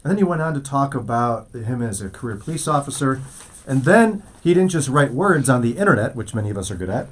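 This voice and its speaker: Radio host reading the news. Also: male voice, mid-range voice, animated, fast. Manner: reads news items aloud, then jokes around. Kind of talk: casual radio chat.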